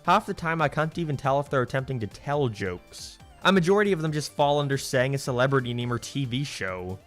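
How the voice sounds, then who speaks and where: A man's voice: medium pitch, lively intonation, a little fast, a bit bright, soft background music. A man delivering a sarcastic, profane rant as a cartoon reviewer. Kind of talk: ranting review commentary.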